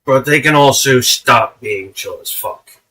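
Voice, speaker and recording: A man's voice: medium pitch, measured pace, pushed and bright, distant mic, low-quality recording. A man giving casual, profane commentary on a live stream, laughing often.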